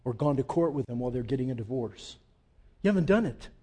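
A man preaching a sermon, swinging from loud emphatic peaks to quiet, low asides and putting direct questions to the congregation. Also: expressive, fast, husky. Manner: emphatic, rising to loud peaks then dropping low and intimate. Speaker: pastor.

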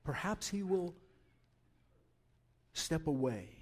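Slow, impassioned preaching man. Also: on the high side, very animated. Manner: impassioned preaching, swinging from loud urging to hushed prayer. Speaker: pastor. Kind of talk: sermon. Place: church.

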